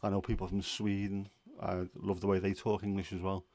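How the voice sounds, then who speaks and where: A man with a lilt talks in a fairly low voice, chatting his way through a relaxed livestream. He rambles a little and is openly opinionated, and he often pauses with an "um." The sound is close and dry, with no room echo. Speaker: livestream host. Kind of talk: casual livestream chat.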